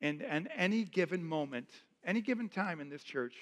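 A man's voice: high voice, expressive, a little fast. A man preaching a sermon as pastor, earnest and conversational, often repeating phrases. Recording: long hall reverb.

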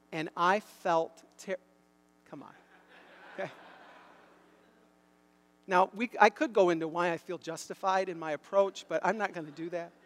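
A middle-aged man preaching a sermon, telling a story and building to loud, emphatic bursts. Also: sits high. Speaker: pastor. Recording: long hall reverb.

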